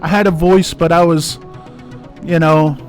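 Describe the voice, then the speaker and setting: Passionate high-voiced man ranting. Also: fairly even intonation, unhurried, soft background music. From United States. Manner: passionate, emphatic, repeats himself for stress. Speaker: trucking channel host. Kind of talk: ranting vlog monologue.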